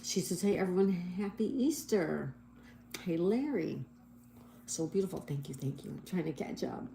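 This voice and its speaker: With slight background noise behind her, a middle-aged livestream host speaks in a warm, lowish voice with vocal fry, animated and at normal speed. She cheerfully chats through viewer comments and spells crossword answers letter by letter, saying sorry when she slips.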